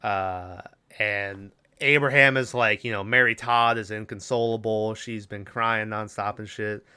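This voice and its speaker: A man's voice: lowish voice, fairly even intonation, a little slow, pushed and bright, clear, resonant tone. A man co-hosting a podcast, rambling through a casual movie recap with lots of fillers and swearing. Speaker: podcast co-host.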